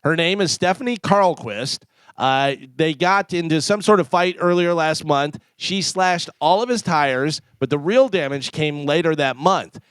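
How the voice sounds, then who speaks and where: A man co-hosting a radio show, chatting and briskly reading out a news story on a studio mic. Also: fairly high pitch, a bit bright, smooth, dry recording. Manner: reads facts briskly with chuckles. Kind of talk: casual radio banter and reading a news item. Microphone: studio microphone.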